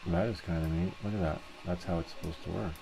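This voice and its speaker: Low gravelly-voiced man explaining software. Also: quick pace. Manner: relaxed, thinks aloud step by step while working. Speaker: 3D printing tutorial host. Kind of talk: casual screen-share tutorial narration.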